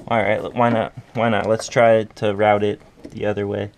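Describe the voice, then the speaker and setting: A man's voice: lowish voice, level tone, fairly quick, slight background noise. A man talking casually through a car part install, muttering to himself and swearing while he works under the car. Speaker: car DIY vlogger.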